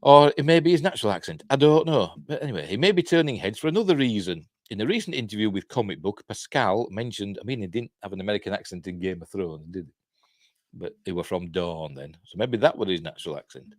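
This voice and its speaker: A man's voice: lowish voice, very animated, a little fast, dry recording, clean studio sound. A man with a Yorkshire accent hosting a casual live news round-up. He reads articles aloud and breaks off into chatty, rambling asides. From Yorkshire, England. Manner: reads articles aloud then comments on them. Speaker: host.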